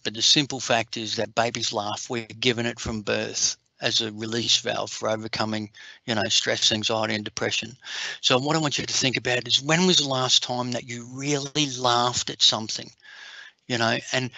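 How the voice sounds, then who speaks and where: A man's voice: mid-range voice, steady tone, normal speed, vocal fry, bright, forceful tone, no echo, low-quality recording. A middle-aged Australian man, a comedian hosting an online workshop, telling chatty stories full of "you know" fillers.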